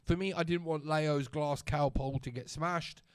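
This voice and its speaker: A man's voice: on the high side, fairly even intonation, measured pace, clean tone. A man telling a story to camera in a chatty, sarcastic rant, often checking in with his listener. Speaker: vlogger.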